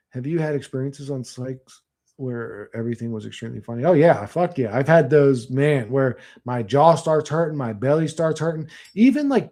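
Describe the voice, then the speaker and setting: Crude rambling man, fairly high voice. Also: darkish tone. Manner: rambling, crude, slangy, mocking impressions. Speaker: streamer answering chat. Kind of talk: profane casual livestream rant.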